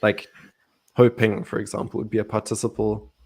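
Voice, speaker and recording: A man explaining Greek grammar in a relaxed Bible study chat, playful and laughing often. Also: fairly low pitch, moderate pace, gravelly, slightly rough.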